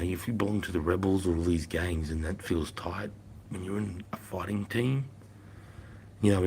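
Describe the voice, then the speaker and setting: A gruff former army instructor in his fifties livestreams, talking bluntly to viewers and swearing freely as he tells stories. His low voice is full of gravelly fry yet a little mellow, and a faint hiss of noise sits under the recording.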